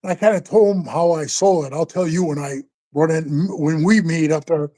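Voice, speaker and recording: Older man, dark mellow tone, loose profane storytelling, calls everyone bro. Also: a little high, moderate pace. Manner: rambling, profane, keeps calling the listener bro. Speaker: interview guest, former biker club member. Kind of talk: casual storytelling interview.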